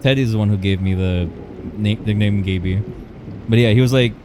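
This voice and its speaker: A man's voice: on the low side, brisk, a little mellow, a little hiss or hum. Young man rambling through a story. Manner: rambling, restarts and corrects himself. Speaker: livestreamer. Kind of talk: casual storytelling.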